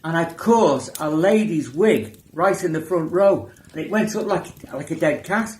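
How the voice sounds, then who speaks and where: A man tells a tour anecdote in an animated way, leaping into high-pitched impressions. His voice rises and falls a great deal. The room around him carries a clear echo. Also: moderate pace. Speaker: band member telling a tour story. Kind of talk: anecdote telling. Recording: roomy echo.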